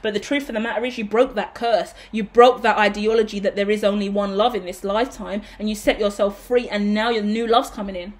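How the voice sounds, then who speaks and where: A woman giving a casual tarot reading to her viewers, excitable and swearing freely, breaking into shouts and laughter. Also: medium pitch, a little fast, hardly any pauses. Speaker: tarot reader.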